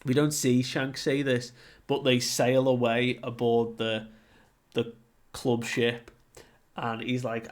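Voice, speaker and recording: A man's voice: medium pitch, slow. Dude recapping a manga chapter, takes his time, lots of "like", laid back. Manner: relaxed, filler-heavy retelling with frequent "like". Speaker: manga reviewer. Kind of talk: casual recap and commentary.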